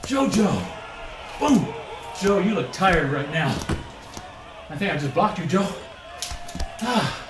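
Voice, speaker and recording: A breathless man teasing his opponent mid-game, his voice high and bouncing all over the place. He sounds set back from the mic in a roomy space, with noise in the background. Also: lively intonation, slow pace, long pauses, far from the mic. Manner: teasing, chatty, exclaims a lot. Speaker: gaming video creator. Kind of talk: playful trash talk while playing a VR boxing game.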